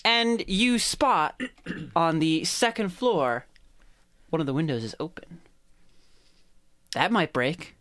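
A game master narrates a tabletop game with vivid, drawn-out description and calls on players for rolls. The voice sits at a middle pitch. It is recorded dry and close. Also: lively intonation, fairly bright tone, no echo.

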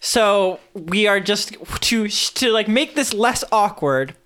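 A woman running a tabletop role-playing game, steering the players with laughs and prods. Her bright voice moves lively up and down. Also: medium pitch, takes it slowly. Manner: laughing, coaxing players along. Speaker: game master.

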